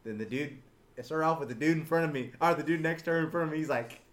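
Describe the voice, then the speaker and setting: A man's voice: fairly high pitch, fast talker, heavy background noise. A young man casually telling a story to friends, swearing freely and acting out voices with laughter. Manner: animated, swearing, acts out voices loudly while laughing.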